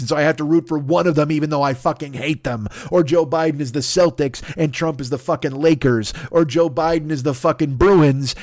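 A man's voice: a little high, a little mellow, no echo, studio quality. A man hosting a podcast, ranting in exasperated comic bursts full of profanity. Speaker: podcast host. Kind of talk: comedic rant. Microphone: podcast microphone.

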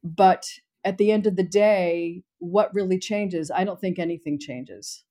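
Female panelist, mid pitch, mellow dark timbre, measured and analytical. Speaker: podcast panelist. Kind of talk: casual political commentary.

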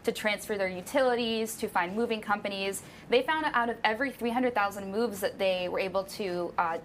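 A woman's voice: medium pitch, brisk, slight background noise, low-quality recording. Wry joking woman co-host. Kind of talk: casual banter and news rundown.

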